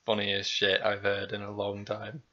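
A man's voice: lowish voice, completely flat delivery, moderate pace, pushed and bright. A young man co-hosting a casual podcast, rambling and jokey. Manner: rambling, jokey, laughs a lot. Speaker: podcast co-host. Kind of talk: casual chat. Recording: slightly dull lo-fi sound.

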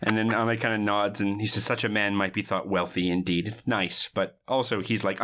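A woman's voice: rumbling low, normal speed, hardly any pauses. A woman hosting a podcast, retelling a movie in casual chat and acting out the characters' lines. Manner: animated retelling, quoting characters with laughter. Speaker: podcast host.

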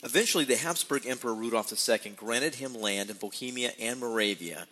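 A man's voice: medium pitch, fairly quick, sharp tone, slight background noise, rough recording. A man co-hosting a casual podcast, narrating history playfully and posing rhetorical questions. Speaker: podcast co-host. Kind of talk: casual storytelling podcast chat.

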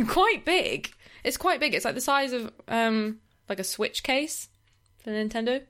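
A woman's voice: fairly high pitch, animated, a little slow, fairly bright tone. A woman, co-hosting a film podcast in casual chat, talking loosely with lots of "like" and frequent laughs. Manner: chatty, laughs often, trails off with "like". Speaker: podcast co-host.

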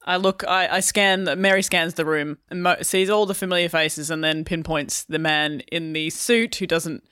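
A woman's voice: fairly low pitch, fairly even intonation, moderate pace, fairly bright tone, clean tone, no echo, clean studio sound. A woman narrating her moves in a tabletop role-play, hesitant and thinking aloud. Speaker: player.

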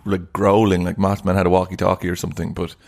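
Skeptical man, low voice. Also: level tone, fast talker, vocal fry. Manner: skeptical, teasing, laughs often. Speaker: podcast co-host. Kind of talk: casual chat.

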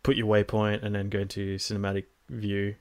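A man co-hosting a casual podcast, talking in a relaxed, hesitant way with many ums. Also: fairly low pitch, brisk. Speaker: podcast co-host. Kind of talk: casual chat.

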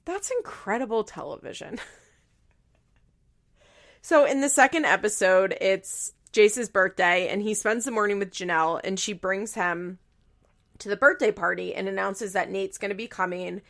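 A woman's voice: mid-range voice, creaky, fairly bright tone. A young woman hosting a podcast, casually recapping a reality show in a gossipy, swearing, chatty way. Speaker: podcast host.

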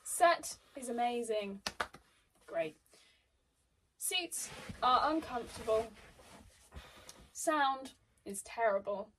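A woman's voice: on the high side, animated, fairly bright tone. Chatty teasing woman, a bit off-mic. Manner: teasing, chatty, quick asides. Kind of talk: casual chat reading reviews aloud. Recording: distant mic with faint noise.

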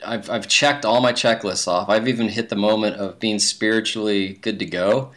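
Male interview guest, lower register, relaxed rambling storyteller. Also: moderate pace. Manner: relaxed, rambling, many fillers and restarts. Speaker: guest, big-mountain skier.

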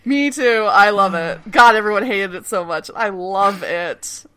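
A woman's voice: mid-range voice, unhurried. A woman co-hosting a casual podcast, recapping a TV episode with swearing and lots of laughs. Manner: animated, swearing, laughing often, acting out characters' lines. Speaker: podcast co-host recapping a TV series. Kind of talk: casual chat.

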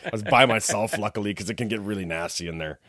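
A man with a fairly low voice tells a long, rambling story in casual conversation. He swears freely and acts out what people said as he goes. The sound is dry and close, with no room echo. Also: quick pace, a bit bright. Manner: rambling, profane, acts out quotes. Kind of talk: casual chat, telling a story.

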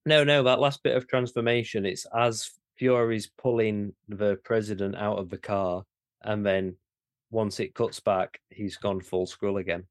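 A low-voiced man chats on a podcast, animated and incredulous. His voice is dry and close, with no room sound. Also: no echo. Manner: animated, quick, swearing, incredulous. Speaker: podcast co-host. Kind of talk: casual chat.

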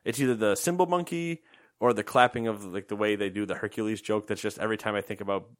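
A young man co-hosts a relaxed gaming news podcast, rambling and cracking jokes between the headlines. His voice sits low. It sounds dry and close, with no room around it. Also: quick pace, no room sound. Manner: joking, rambling, lots of fillers. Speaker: podcast co-host. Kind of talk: casual gaming news chat.

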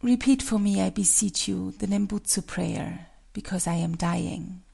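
Gentle dying willow spirit wife, feeble, pleading, gravelly voice, read by a woman, storybook. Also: mid-range voice, measured pace, heavily acted. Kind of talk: storybook reading.

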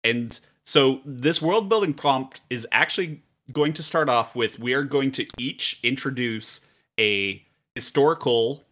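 A man with a bright, forceful voice explains a game's setting in relaxed podcast chat. He laughs easily and fills pauses with ums and uhs. He sounds clear and close to the mic. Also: medium pitch. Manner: laughs often, explains at length with fillers. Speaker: game master and podcast co-host. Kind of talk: casual podcast chat and game narration.

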